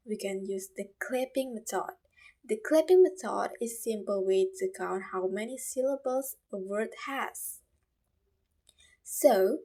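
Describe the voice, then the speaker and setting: A woman student with an Indonesian accent presents a video lesson for class, explaining slowly and carefully with repeated examples. Her voice is on the high side and a little mellow.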